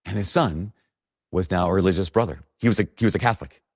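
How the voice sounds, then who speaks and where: Male preacher with a very low voice and dry close sound, earnest storyteller who builds emphasis. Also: fast talker, breathy edge, no room sound. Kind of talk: sermon.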